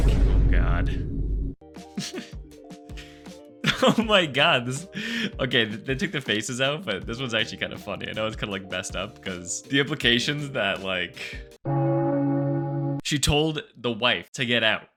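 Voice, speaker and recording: A man's voice: medium pitch, measured pace, long pauses, over music. A man hosting a reaction video, commenting casually in an incredulous, stammering way with nervous laughs. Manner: animated, incredulous, stammering exclamations.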